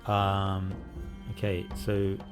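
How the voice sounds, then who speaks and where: A man casually talking through a playthrough of the game he is developing, relaxed and rambling with lots of fillers. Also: low-pitched, slow, music in the background. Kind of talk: casual gameplay devlog commentary.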